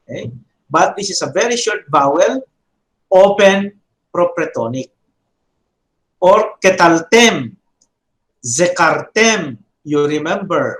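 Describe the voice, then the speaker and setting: A man teaching a Biblical Hebrew grammar class, speaking slowly, repeating terms and checking in with "no?" and "okay?". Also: a little high, a bit bright, roomy sound, low-quality recording.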